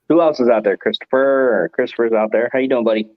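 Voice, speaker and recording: A livestream host with a mid-range voice rambles through a casual chat at a quick pace, chuckling often. There's no room sound, and the stream audio is dull and muffled.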